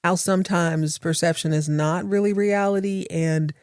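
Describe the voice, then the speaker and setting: A woman voicing a calm young male lawyer questioning his father in court, measured and persuasive. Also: on the low side, no echo, studio quality, lightly acted.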